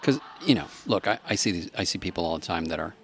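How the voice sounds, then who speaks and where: A man's voice: deep voice, expressive, fast, creaky. A man hosting a casual podcast interview, friendly and encouraging, dropping joking asides. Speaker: podcast host.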